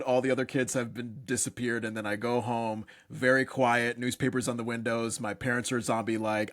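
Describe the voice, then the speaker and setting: A man co-hosting a casual podcast chat, animated and profane, laughing often. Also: mid-range voice. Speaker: podcast co-host.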